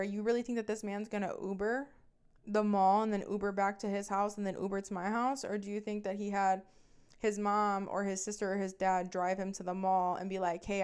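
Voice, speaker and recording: A woman's voice: mid-range voice, a little mellow, clean tone. A young woman hosting a podcast, telling a personal story in a blunt, profane, emphatic way. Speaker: podcast host. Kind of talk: casual storytelling.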